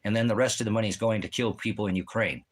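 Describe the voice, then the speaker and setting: A man's voice: on the low side, steady tone, rapid-fire. A man delivering a rambling, agitated monologue to camera, swearing heavily and repeating himself. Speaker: vlogger. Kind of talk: profane ranting monologue.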